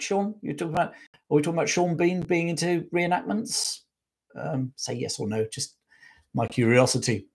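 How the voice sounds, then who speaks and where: A man's voice: medium pitch, darkish tone, husky. A man hosting a live history stream, chatting enthusiastically with viewers and going off on asides. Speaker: history channel host. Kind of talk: live-stream chat, answering viewer questions.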